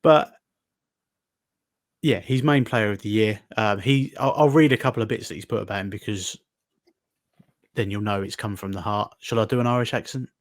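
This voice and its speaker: A man's voice: lowish voice, moderate pace, pauses often, no room sound, studio quality. A man co-hosting a casual podcast, bantering and reading bits aloud with a laugh. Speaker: podcast co-host. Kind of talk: casual chat.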